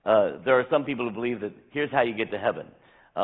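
A pastor in his sixties preaching a sermon, earnest and emphatic, slowing down when he reads scripture. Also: lowish voice, expressive, breathy edge. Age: 60s. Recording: tinny phone-like sound.

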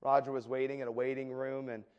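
A male preacher telling a story in a sermon, animated and often repeating words as he goes. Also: mid-range voice, fast talker, clear, resonant tone, lo-fi sound. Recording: echoey hall with long reverb.

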